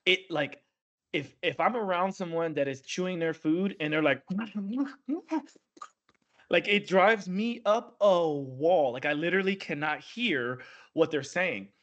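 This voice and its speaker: A podcast host, chatty and rambling, laughing easily with his guest. His voice sits a bit higher than most men's. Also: a little slow, fairly bright tone, dull audio. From Southern United States. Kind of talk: casual interview chat.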